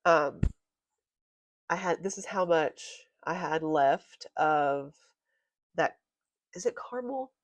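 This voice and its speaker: A woman's voice: deep voice, expressive, slow pace, long pauses, no room sound. A woman vlogging about crochet in a casual, rambling, chatty way. Her voice is congested and nasal. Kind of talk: casual show-and-tell chat.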